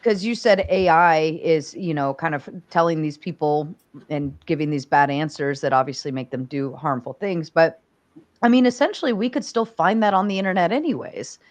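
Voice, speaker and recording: A woman's voice: deep voice, normal speed. A woman on a video call in a casual online debate, playful and teasing. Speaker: debate panelist.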